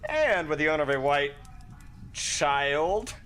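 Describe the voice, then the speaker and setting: A man plays a perky young woman on the school radio, reading the announcements in a bright, bouncy broadcast voice. Her pitch sits high and skips around brightly. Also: animated, slow, slight background noise.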